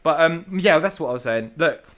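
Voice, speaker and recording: Business owner guy on a podcast, hyped and emphatic, keeps saying bro, fairly high voice. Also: animated, a little fast, fairly bright tone. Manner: enthusiastic, emphatic, repeats himself, calls people bro. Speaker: podcast guest, tree surgery business owner. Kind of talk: casual podcast chat.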